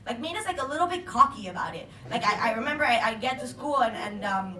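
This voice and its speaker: A woman's voice: on the high side, lively intonation, fast talker, sharp tone. A young woman doing an open mic stand-up set, telling a loose, profane story and laughing often. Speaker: stand-up comedian. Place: small bar stage with a live audience. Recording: echoey bar room, far mic, crowd laughter. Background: audience laughter and room noise.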